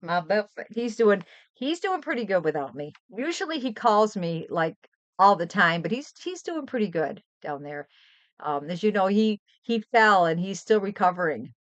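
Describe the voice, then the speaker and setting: A woman's voice: medium pitch, moderate pace, dry recording. Chatty older woman streamer, rambling. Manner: chatty, rambling, animated storytelling. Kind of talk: casual chat. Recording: dry, dull lo-fi stream audio.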